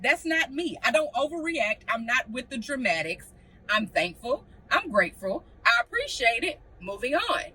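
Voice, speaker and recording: Bright-voiced, blunt young woman vlogger. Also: high-pitched, normal speed, far from the mic, slight background noise, poor audio. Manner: blunt, animated, acts out quotes. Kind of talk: casual chat to camera.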